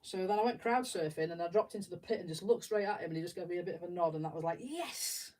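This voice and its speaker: A woman's voice: on the low side, racing, mellow, distant mic, rough recording. A middle-aged woman with an English accent, chatting and telling rambling stories as she builds, laughing often. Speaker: streamer. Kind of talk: casual chat while building. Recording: voice a bit away from the mic.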